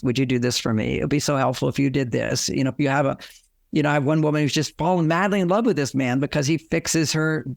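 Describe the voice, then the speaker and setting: A man's voice: fairly high pitch, gravelly, no room sound, studio quality. An older man, a relationship author, giving advice in an interview and acting out the lines couples say. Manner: explanatory, acts out quoted lines.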